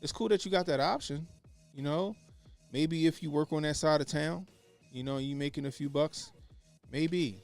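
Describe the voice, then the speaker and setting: A man with a slightly raised pitch and a gravelly edge, talking bluntly in casual commentary. He swears freely and drives his points home by saying them twice. Faint music runs underneath. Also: moderate pace, a little mellow. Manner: blunt, profane, repeats points for emphasis. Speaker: podcast co-host.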